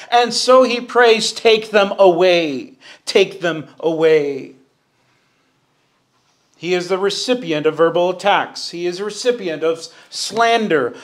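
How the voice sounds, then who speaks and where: A man teaching a verse-by-verse sermon in church, preaching earnestly, rising for emphasis and calling on the congregation to answer. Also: high voice. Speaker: Bible teacher. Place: church sanctuary.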